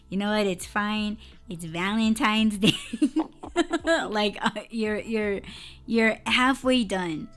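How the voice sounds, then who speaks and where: A woman's voice: mid-range voice, slow. Woman venting with heavy swearing. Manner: heated, profane venting with bursts of laughter. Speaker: podcast co-host. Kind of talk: casual podcast storytelling.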